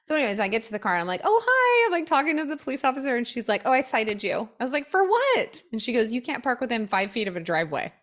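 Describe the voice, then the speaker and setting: A woman's voice: on the high side, very fast, few pauses. A young woman co-hosting a podcast, chatting casually and acting out the people in her stories. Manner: animated storyteller, acts out quotes. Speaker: podcast co-host. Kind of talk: casual chat.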